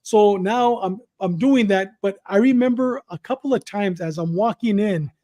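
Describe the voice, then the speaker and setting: Prison stories pour out of an animated, high-voiced man from Southern California, a podcast guest telling his story. His retelling is quick and repetitive, full of acted-out quotes.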